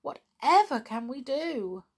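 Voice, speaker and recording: Woman putting on an anxious little toy girl, high and breathless, swooping, storybook reading. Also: sing-song, takes it slowly, exaggerated voice. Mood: alarmed.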